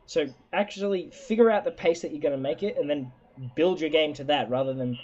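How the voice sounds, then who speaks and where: A man's voice: on the high side, a little fast, darkish tone, dull audio. A man co-hosting a gaming podcast, talking casually, opinionated and swearing freely. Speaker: podcast co-host.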